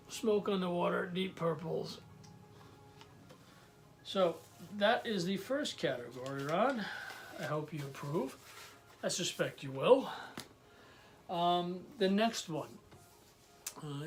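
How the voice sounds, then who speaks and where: Chatty New man showing his collection. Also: on the high side. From New York, USA. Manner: enthusiastic, chatty, with many fillers. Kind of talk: casual show-and-tell vlog.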